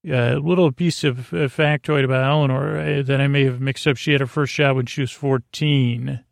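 A man recaps a TV episode on his podcast, stumbling along with many fillers. His voice is gravelly and stays on an even, flat pitch. The recording is dry and close. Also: no echo. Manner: halting, many fillers, reads quotes flatly. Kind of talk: casual solo recap.

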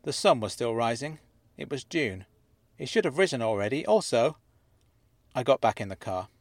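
A man tells a first-person mystery story in a calm, steady voice, lending the same plain voice to the other characters' lines. His pitch sits in the middle range for a man. The recording is close and dry, with no room sound. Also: moderate pace, dry recording. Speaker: narrator. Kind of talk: scripted audio drama narration.

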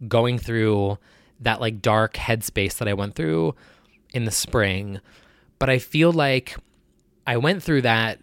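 A man's voice: mid-range voice, gravelly, fairly bright tone, no room sound. A man talking candidly to his viewers in a personal vlog, with a nasal voice and an earnest, rambling way of talking that keeps correcting itself. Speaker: vlogger.

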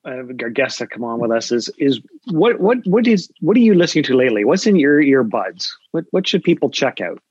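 A man co-hosting an interview, asking questions quickly with stumbling restarts. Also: mid-range voice, sing-song, a little mellow, slightly rough, no room sound, lo-fi sound. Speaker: co-host.

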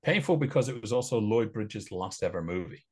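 A man's voice: fairly low pitch, lively intonation, fairly quick, slightly rough. A man co-hosting a casual podcast, talking about films at length in a rambling, opinionated way with frequent laughter. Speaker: podcast co-host. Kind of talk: casual podcast film chat.

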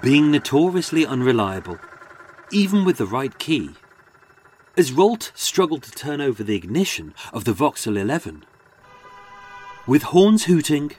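Male narrator for dramatic crime storytelling, mid-pitched, very expressive intonation. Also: a little hiss or hum. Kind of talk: scripted true-crime narration.

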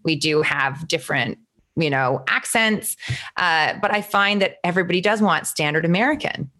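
A woman's voice: low voice, moderate pace, bright, forceful tone. A woman hosting a casual interview as a talent agent, asking friendly, open questions.

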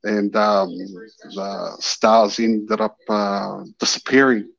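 A man's voice: lowish voice, level tone, slow pace, creaky, fairly bright tone. A man calling in and telling a story, animatedly acting out the voices in it. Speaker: caller. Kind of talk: casual storytelling. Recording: dull lo-fi call-in audio.

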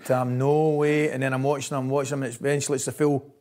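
A Scottish man, a former football coach, recounting old stories in an interview. He tells them in a lively way, laughs as he goes, and keeps asking "right?". His voice sits in a middle pitch. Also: fast. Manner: lively storyteller, laughs often, says "right?" constantly. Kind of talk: anecdotal interview chat.

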